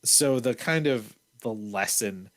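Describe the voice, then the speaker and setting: Low-voiced joking male podcast host. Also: slow. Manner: joking, self-deprecating, easygoing. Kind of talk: casual chat.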